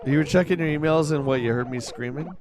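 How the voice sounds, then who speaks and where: A man giving excitable live commentary while playing a game, yelling and groaning at it. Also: on the high side, fast, background noise. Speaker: livestreamer.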